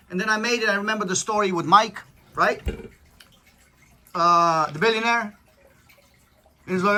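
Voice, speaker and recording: A man's voice: high-pitched, moderate pace, pauses often, sharp tone. A father talking casually to his family about how he made a song, rambling with many restarts and tag questions. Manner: rambling, repeats "right?", restarts.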